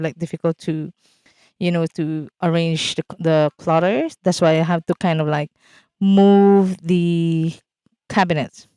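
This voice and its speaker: A woman's voice: sits low, darkish tone, clean tone, dry recording. A woman vlogger casually talking over a game build, rambling with many fillers and restarts. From outside Canada, now living in Canada.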